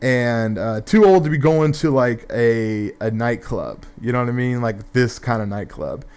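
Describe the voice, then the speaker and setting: A man's voice: medium pitch, animated, measured pace, darkish tone, clean tone. A young man telling a rambling, profane story in casual gameplay commentary, full of fillers and restarts.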